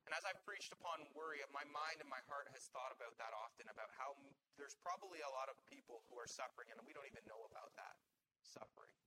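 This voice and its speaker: A male pastor giving a heartfelt, earnest sermon and prayer at a church service, sometimes halting over his words. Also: medium pitch, noisy background.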